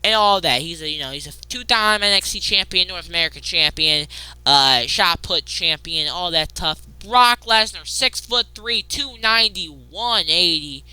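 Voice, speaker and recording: A woman hosting a casual wrestling recap, excitable, jumping between loud outbursts and muttered asides. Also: on the low side, normal speed, clean tone, no room sound.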